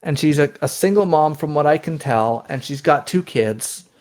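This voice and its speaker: Male podcast guest, somewhat high voice, explanatory, many restarts. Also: lively intonation, moderate pace, a little mellow. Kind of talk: conversational interview.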